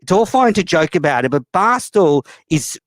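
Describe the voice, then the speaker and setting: A man's voice: a little high, very animated, normal speed, dry recording. A man hosting a call-in show, talking bluntly and profanely with plenty of fillers. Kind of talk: casual call-in chat.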